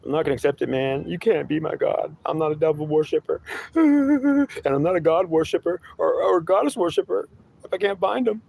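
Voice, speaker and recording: A man voicing a frustrated, weepy man who has long searched for god, whiny and defensive, pitched above his usual voice, in an improvised two-voice monologue. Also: big pitch swings, brisk, vocal fry, darkish tone, slightly rough, full character voice.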